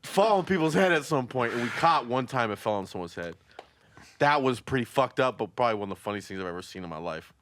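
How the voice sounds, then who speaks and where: A man telling crude anecdotes in a loose, deadpan way on a casual comedy podcast. His pitch rises and falls a lot. A steady background hiss runs under the recording. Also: quick pace.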